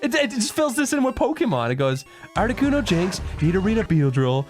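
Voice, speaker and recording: A man's voice: high-pitched, big pitch swings, brisk. A man cheerfully singing and rapping a long list along with a song, laughing and swearing between lines while friends chime in. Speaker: stream guest. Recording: music playing behind.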